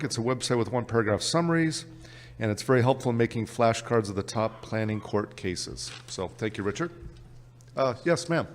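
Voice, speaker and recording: A man with a Canadian accent presenting an exam prep workshop at a conference, brisk and upbeat. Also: medium pitch, animated, in a large hall. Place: conference session room.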